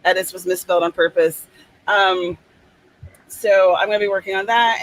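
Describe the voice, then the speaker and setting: A woman's voice: mid-range voice, fairly bright tone, rough recording. A woman hosting a live writing stream, chatting casually and reading out viewers' comments. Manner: chatty, reads out comments, playful asides.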